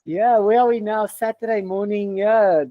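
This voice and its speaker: A man runs a casual interview, relaxed and hesitant, with frequent fillers and restarts. His voice sits slightly high. The sound is dry and muffled, like a lo-fi call. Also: normal speed, no room sound. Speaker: race organizer interviewing runners. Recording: dull lo-fi sound.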